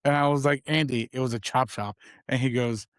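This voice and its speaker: A man's voice: mid-range voice, steady tone, fairly quick, no echo, clean studio sound. A man in his twenties co-hosting a podcast, telling a long rambling anecdote and acting out the other man's lines in casual chat. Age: 20s. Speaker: podcast co-host.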